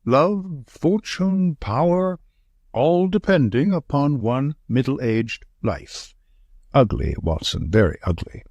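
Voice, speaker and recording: A shrewd, dry-witted Victorian detective, read by a man in an audiobook, who weighs each point with wry emphasis. The voice rises and falls in a lively way, with a husky edge. It sounds close and dry. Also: mid-range voice, slow pace, no echo, muffled recording. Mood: musing. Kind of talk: audiobook reading.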